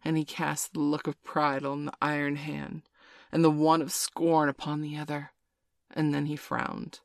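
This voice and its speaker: Low voiced woman reading a storybook aloud, steady and expressive, dry close sound. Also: a little slow, vocal fry, no room sound. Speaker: narrator. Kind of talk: storybook narration.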